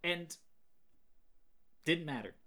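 A man hosting a podcast, casually retelling movie scenes in an animated way and quoting lines. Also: a little high, slow pace. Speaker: podcast host. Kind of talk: casual chat.

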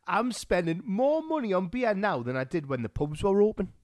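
A man's voice: high-pitched, lively intonation, moderate pace, darkish tone, no echo, clean studio sound. Man playing a teasing drinking pal. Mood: cheeky. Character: skinny British drinking pal, easily tempted. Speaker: pub regular. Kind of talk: comedy audio play acting.

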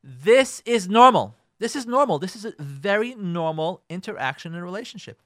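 A high, bright male voice that swoops up and down as the rabbi acts out arguments between spouses. He drops Hebrew and Yiddish words into an animated radio lecture. The sound is close and dry, with no room around it. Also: moderate pace, dry recording.

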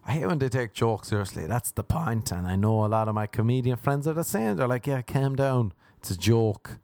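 Rambling comedian, dry close sound. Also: male voice, lively intonation, a little fast, a little mellow, dry recording. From Ireland. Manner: rambling, self-mocking, jumps into high squeaky put-on voices. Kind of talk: comedic monologue.

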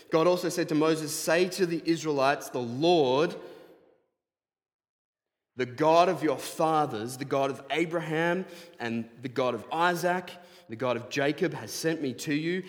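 An Australian man preaching in a church hall, his fairly high voice ringing out with a long reverb tail. He talks conversationally with the congregation, jumping from loud emphatic bursts to hushed, low asides. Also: moderate pace. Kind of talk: sermon.

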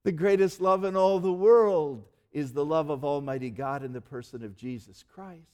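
A male pastor preaching a sermon in earnest, slowing down and dropping almost to a hush to stress key words. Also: on the high side. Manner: earnest preaching, slows and drops to near-quiet for emphasis.

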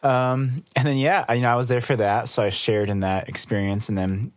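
A man's voice: medium pitch, little pitch movement, a little fast, no echo, studio quality. A man co-hosting a church podcast, talking in an upbeat, joking, casual way. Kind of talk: casual chat.

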